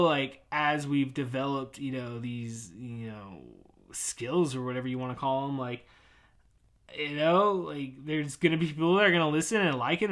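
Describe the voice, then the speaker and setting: A man in his thirties hosting a podcast, rambling through a frustrated rant with heavy swearing and many fillers, swinging between loud outbursts and mumbling. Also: on the high side. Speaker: podcast host. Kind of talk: casual rant.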